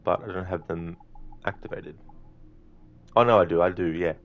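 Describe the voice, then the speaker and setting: A man's voice: low voice, normal speed, muffled recording, slight background noise. A young man streaming a game, chatting casually with viewers in a rambling way, with lots of ums. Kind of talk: casual live-stream gameplay chat.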